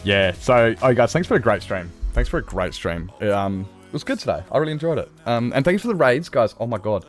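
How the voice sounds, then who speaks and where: A man's voice: medium pitch, expressive, brisk, hardly any pauses, soft background music. Blunt, rambling Australian man streaming. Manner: rambling, blunt, swears freely, chatty with viewers. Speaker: game streamer. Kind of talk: casual live-stream chat.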